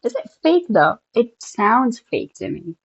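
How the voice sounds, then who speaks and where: A woman's voice: fairly high pitch, big pitch swings, a little slow, gravelly, breathy edge, lo-fi sound. A woman, a hypnosis coach, reacting to street hypnosis clips in a chatty way and laughing often. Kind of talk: reaction commentary.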